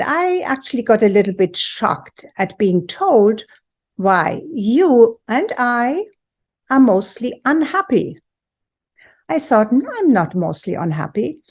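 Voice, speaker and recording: Slow, deliberate woman in her sixties. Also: a little high, a little mellow. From Europe. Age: 60s. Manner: deliberate, emphatic, storytelling. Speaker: host and women's empowerment coach. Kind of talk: personal talk to viewers.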